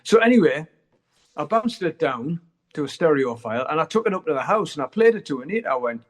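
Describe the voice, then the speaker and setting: A man's voice: fairly high pitch, sing-song, fast. A middle-aged man, chatting candidly as an interview guest and swearing freely as he rambles. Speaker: guest musician. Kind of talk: casual interview chat.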